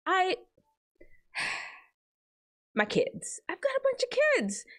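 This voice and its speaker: Woman host, teen advice talk, very expressive swoopy pitch, chatty. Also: extremely slow. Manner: animated, chatty, jumps between high and low tones. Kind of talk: casual advice talk to teens.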